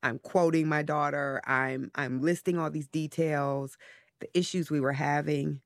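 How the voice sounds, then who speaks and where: A woman being interviewed as a parent, talking candidly and haltingly, often trailing off as she searches her feelings. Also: sits low, steady tone, dry recording.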